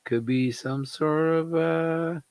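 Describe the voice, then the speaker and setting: A man's voice: on the high side, fairly even intonation, takes it slowly, a little mellow, smooth, no room sound. A man co-hosting a casual livestream, joking and swearing as he rambles. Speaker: livestream co-host.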